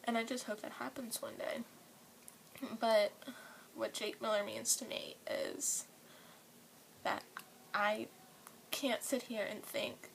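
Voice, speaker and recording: A young woman from New Orleans, speaking in a soft, often whispery voice, earnest and gushing in a personal vlog recorded at home. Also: on the high side, flat delivery, takes it slowly, gravelly, pauses often, a little hiss or hum, poor audio. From New Orleans, USA.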